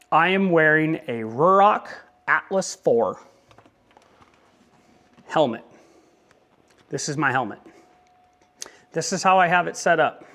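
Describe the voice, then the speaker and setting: Casual young guy vlogging about bike gear, rambles and cracks jokes, voice a bit high. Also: bright, forceful tone. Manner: rambling, joking asides. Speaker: motovlogger. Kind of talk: casual vlog talk.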